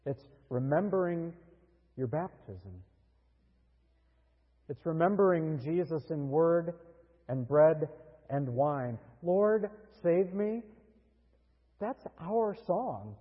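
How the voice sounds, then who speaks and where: A man preaching a sermon as pastor, earnest and deliberate, with dramatic pauses. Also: fairly high pitch, animated, husky, in a large hall, muffled recording.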